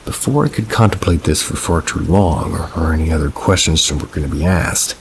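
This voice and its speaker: A man reading first-person paranormal stories aloud in a measured, unhurried storytelling manner. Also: rumbling low, vocal fry, slight background noise, poor audio. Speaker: narrator.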